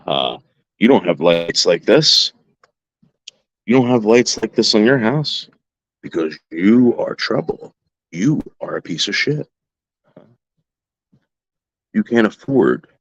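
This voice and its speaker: A man's voice: low voice, a bit bright, no room sound, dull audio. A man vlogging to his viewers from his backyard at night, rambling, boastful and crude in casual chat. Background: fan running.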